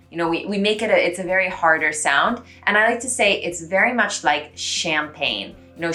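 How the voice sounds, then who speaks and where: A young American woman giving a casual pronunciation lesson, chatty and repeating words slowly to drill them. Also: lowish voice, sharp tone. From United States. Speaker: language teacher.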